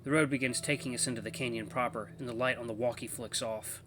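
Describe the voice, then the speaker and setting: A man's voice: medium pitch, fast talker, noisy background. A man hosting a let's play, chatting casually and reading a visual novel's narration aloud with expression. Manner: animated, reads narration with expression, laughs.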